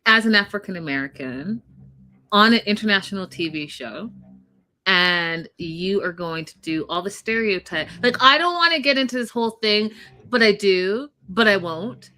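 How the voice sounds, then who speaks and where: A woman's voice: medium pitch, lively intonation, normal speed, bright, forceful tone. A woman co-hosting a casual recap chat, talking in a blunt, emphatic way and swearing freely. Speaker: podcast co-host.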